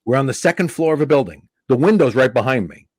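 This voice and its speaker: Animated man telling a stage story. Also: medium pitch, fast talker, breathy edge, no echo, clean studio sound. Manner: animated anecdote teller, acts out quotes. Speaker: comedian guest. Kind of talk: podcast storytelling.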